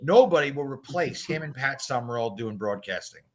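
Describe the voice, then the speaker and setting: A man's voice: mid-range voice, animated, normal speed. A man co-hosting a podcast in casual chat, telling crude, joking stories. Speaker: podcast co-host.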